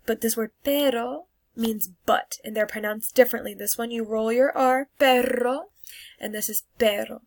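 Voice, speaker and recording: A young woman teaching Spanish, sounding out words slowly for learners and then explaining casually. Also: a little high, fairly even intonation. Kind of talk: classroom lesson recorded for students.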